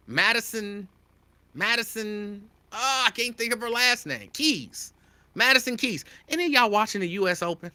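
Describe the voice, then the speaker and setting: With a high voice and a measured pace, a male talk show host lays out his opinions directly to the audience, whom he calls "y'all." He is animated and emphatic and keeps repeating his points. There is no echo.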